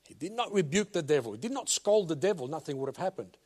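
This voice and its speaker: With a sing-song delivery, an older preacher moves slowly and emphatically through his sermon. Loud commands alternate with hushed, low asides.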